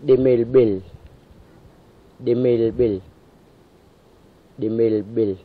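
A man from the Wadeye area of northern Australia, slowly repeating single words three times each for a field recording. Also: medium pitch, fairly even intonation. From Wadeye area, Northern Territory, Australia. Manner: says each word three times, slow and deliberate. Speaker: language speaker repeating words. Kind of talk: slow careful word repetition for recording. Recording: tinny lo-fi 1990 field tape.

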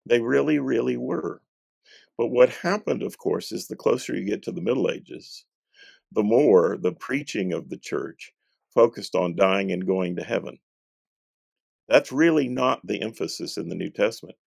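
A man from North Carolina, a Bible scholar answering interview questions in a measured, emphatic, preacherly way. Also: on the low side, lively intonation, creaky, darkish tone, breathy edge, dry recording. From North Carolina, USA.

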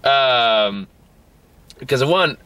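A man's voice: mid-range voice, lively intonation, takes it slowly, sharp tone, clear, resonant tone. A man co-hosting a casual movie review chat, rambling with lots of fillers and frequent laughter.

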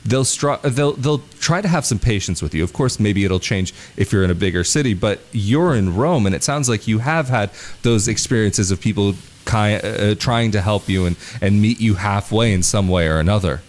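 American host, low-pitched man, chatty, tells stories with a laugh. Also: moderate pace, few pauses. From United States. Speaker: podcast host. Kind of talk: casual interview chat.

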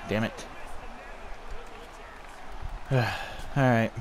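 A man's voice: medium pitch, fairly even intonation, extremely slow, a faint crowd, slight background noise. A young man giving live commentary on his own hockey video game, swearing and raging at his teammates. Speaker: gaming YouTuber.

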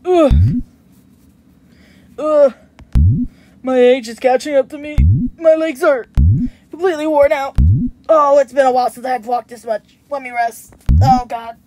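A woman reading the lines of an old, weary reaper with principles, gentle and formal, over game music. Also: high-pitched, fairly even intonation, measured pace, long pauses, dry recording. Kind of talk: reading game dialogue aloud. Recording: music playing behind.

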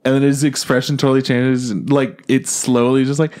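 A young man co-hosting a podcast in casual chat, easygoing and a bit hesitant, with lots of ums and quick agreement. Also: medium pitch, level tone, a little mellow. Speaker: podcast co-host.

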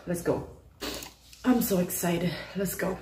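A young woman hosting her own reaction channel, gushing excitedly and swearing freely as she reacts emotionally. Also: fairly low pitch, very slow, background noise. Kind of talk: casual reaction commentary. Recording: echoey room, faint music behind.

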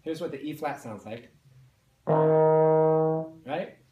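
Male band teacher, mid pitch, calm and step-by-step, roomy echo. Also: a little fast, lo-fi sound, soft background music. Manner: explains step by step, counts and sings along. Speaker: music teacher. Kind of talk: patient beginner instrument lesson.

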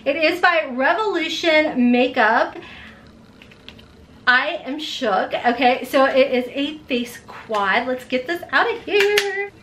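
Giddy high-voiced woman in her forties. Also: takes it slowly, slight background noise. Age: 40s. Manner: gushing, squealing with excitement, gasping. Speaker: beauty vlogger. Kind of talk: excited unboxing vlog.

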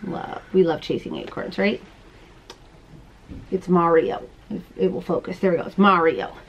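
A woman in her thirties hosting a crochet and knitting podcast, chatting casually to camera at home, bubbly and quick to laugh. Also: lowish voice, lively intonation, creaky, muffled recording, noisy background. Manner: chatty, bubbly, laughs often, talks to viewers as "you guys". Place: at home, indoors.

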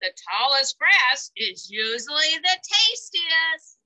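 A woman reading aloud, voicing a small, timid ogre with a squeaky, excited voice. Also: takes it slowly, exaggerated voice, rough recording. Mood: calling. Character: small timid ogre, frightened then cheerful.

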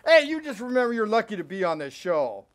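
A man hosting a horror show, doing comic banter and swinging from shouts to mumbles. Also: high-pitched, sing-song, brisk.

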